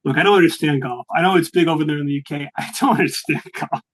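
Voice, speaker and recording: A man's voice: fairly high pitch, fast talker, rough recording. A young man, talking as a guest in a casual interview, rambling with frequent restarts.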